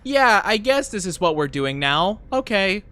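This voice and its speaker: A giggly streamer talks through a game with an even, middling voice. They laugh at their own slip-ups and thank chat as they go. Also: medium pitch, unhurried, clear, resonant tone. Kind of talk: casual gameplay commentary.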